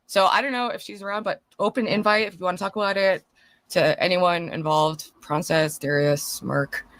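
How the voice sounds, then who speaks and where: A woman's voice: on the low side, steady tone, moderate pace, a bit bright, no echo. A woman streamer giving gossipy, exclamatory commentary on online drama. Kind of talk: casual commentary.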